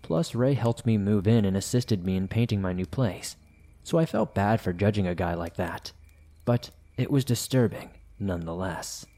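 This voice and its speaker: Low, dark-voiced male horror narrator. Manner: measured, deliberate storytelling. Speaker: horror story podcast host.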